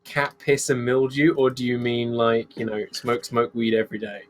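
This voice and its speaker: A man's voice: mid-range voice, flat delivery. Chatty man playing a tabletop game. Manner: chatty and quick to laugh. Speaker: player. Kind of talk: casual tabletop game chat.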